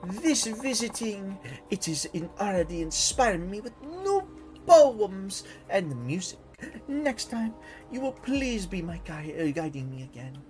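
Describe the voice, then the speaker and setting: A woman's voice: mid-range voice, very animated, a little slow, darkish tone, faint music behind, pitched above the performer's own voice, rough recording. A woman voicing a grandiose foreign pop diva who speaks broken, inverted English in a put-on French accent, with a dramatic, flowery manner. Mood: earnest.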